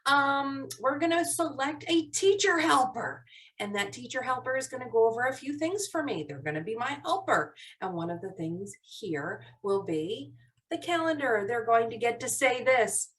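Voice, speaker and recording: Cheerful higher-pitched woman teaching kids online. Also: lively intonation, normal speed, fairly bright tone. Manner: cheerful, sing-song classroom voice. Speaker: teacher of a young class. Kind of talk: live online lesson for young children. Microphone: video call computer mic. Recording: voice somewhat distant from mic.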